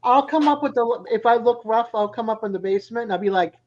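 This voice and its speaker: High-pitched chatty man with a boston accent, laughs a lot on a muffled lo-fi stream. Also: quick pace. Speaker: live stream panelist. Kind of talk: casual chat. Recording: dull lo-fi stream audio.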